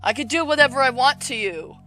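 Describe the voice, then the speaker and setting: A woman's voice: lively intonation, a little fast, sharp tone, faint music behind. Woman voicing a possessive raging game mother. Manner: shrill, raging, domineering. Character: possessive, controlling mother of a grown son.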